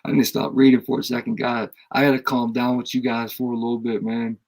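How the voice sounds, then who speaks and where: A man's voice: mid-range voice, little pitch movement, quick pace, darkish tone. A man with a head cold ranting casually to a live audience, emphatic and slangy, repeating his points over and over. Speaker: channel host. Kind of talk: casual livestream rant.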